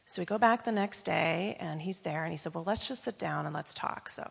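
A woman shares an earnest testimony, retelling a story and quoting the people in it. Her voice is husky with a creaky edge, and the sound carries the long reverb of a church hall. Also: on the low side, a little fast, a bit bright. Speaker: church member giving a testimony.

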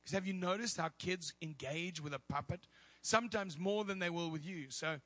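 A male preacher telling a story in a sermon, animated and laughing, with loud bursts of prayer. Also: high-pitched, moderate pace.

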